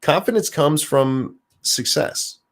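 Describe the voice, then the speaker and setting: A man hosting a casual livestream, reading viewer comments with sarcastic asides. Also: slow. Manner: animated, sarcastic, jumps high in pitch for jokes. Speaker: stream host.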